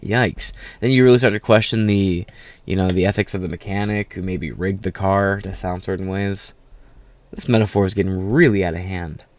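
A man's voice: sits low, fairly even intonation, moderate pace, no echo. A tired man hosting casual political commentary, reading an article aloud with rambling, profane, sarcastic asides.

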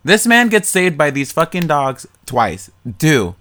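A man in casual chat, recapping a movie plot in an animated, profane way and mocking the characters. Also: a little high, measured pace. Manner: animated, profane storytelling with mocking quoted voices. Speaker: podcast co-host.

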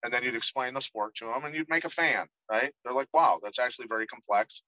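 A middle-aged man tells stories as a podcast guest, animated and quick to act out the voices of the people he quotes. His voice is bright and forceful, and it sounds dry and close to the mic. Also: mid-range voice, no echo, poor audio. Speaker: podcast guest, former fighter. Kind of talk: casual storytelling interview.

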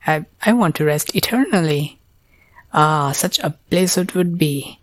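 A weary, lazy young man from a storybook who mumbles and sighs as if half asleep, as a woman reads him. He speaks low and unhurried, in a dry, close recording. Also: lively intonation, no echo. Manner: sighing, mumbling, world-weary.

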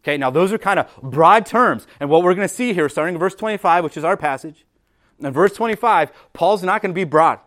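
A male pastor preaches to his church in a relaxed, conversational way. His voice sits a little higher than most men's. He stumbles and repeats words, throws in "like" and "right?", and reads scripture slower and lower. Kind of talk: sermon. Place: church sanctuary.

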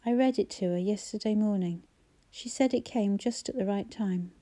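A young man numbed by grief, as a woman reads him, speaks flatly and keeps everyone at a distance. The voice is dark and mellow. His lines carry no warmth. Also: medium pitch, moderate pace, lightly acted. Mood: shaken. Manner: flat, withdrawn delivery. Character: grieving young man, cold and detached.

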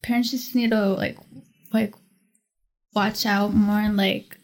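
A teenage girl talking casually on a podcast, halting and full of filler words. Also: mid-range voice, fairly even intonation. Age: teens. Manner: hesitant, many fillers like "like". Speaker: teen guest.

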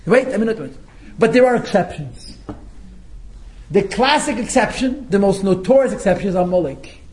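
Male teacher leading a text-study class; high, lively voice that jumps around, laughs a lot and acts out the quotes. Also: moderate pace, rough recording. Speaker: Torah teacher.

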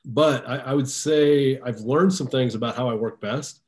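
A man's voice: medium pitch, moderate pace. A man hosting a podcast in casual chat, talking conversationally and often repeating words as he thinks aloud. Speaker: podcast host.

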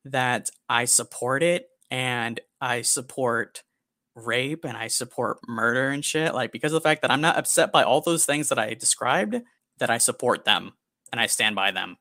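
Gravelly young man telling a story bluntly. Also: medium pitch, normal speed, pushed and bright, dry recording, clean studio sound. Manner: blunt, profane, rambling with restarts. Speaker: podcast co-host. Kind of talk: casual storytelling chat.

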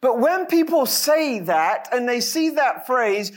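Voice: high voice, lively intonation, takes it slowly, hardly any pauses. A pastor preaching a sermon, speaking emphatically with light, self-deprecating humor.

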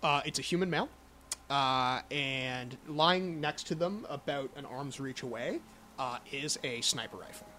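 A young man runs a tabletop horror game as game master. His voice is bright and forward, and he narrates in halting, descriptive stretches. A faint hiss sits under the recording. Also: mid-range voice.

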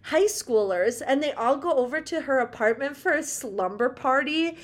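A woman's voice: high-pitched, expressive, normal speed. A young woman co-hosting a chatty podcast, gushing and laughing often as she talks. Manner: bubbly, gushing, laughs often, many "like" fillers. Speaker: podcast co-host. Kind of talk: casual chat.

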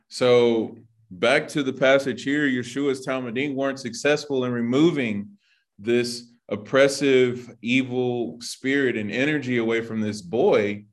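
A man's voice: medium pitch, unhurried. A man teaching an informal sermon in a loose, conversational way, full of "like" and "you know". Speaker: Bible teacher.

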